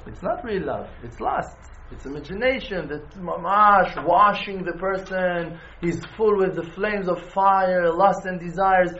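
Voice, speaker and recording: A man giving an informal spiritual lesson in an animated way, repeating phrases for emphasis and restarting words mid-phrase. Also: high-pitched, lo-fi sound, slight background noise. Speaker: religious teacher.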